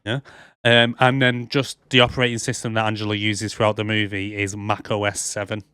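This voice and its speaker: A man's voice: on the low side, flat delivery, a little fast, bright, forceful tone, clean tone, dry recording. Rambling man, dry sound. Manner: rambling with many fillers. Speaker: podcast co-host. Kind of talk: casual chat.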